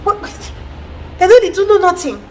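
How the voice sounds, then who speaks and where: A woman voicing a nagging, disapproving mother, loud and mocking. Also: very high-pitched, sing-song, moderate pace, a little hiss or hum, pitched above the performer's own voice.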